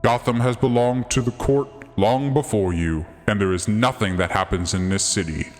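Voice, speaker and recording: Man voicing a smug, low-pitched secret-society boss with cavernous hall echo. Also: soft background music, lightly acted. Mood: cold menace. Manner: slow, cold, condescending. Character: menacing masked male secret-society leader. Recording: long hall reverb.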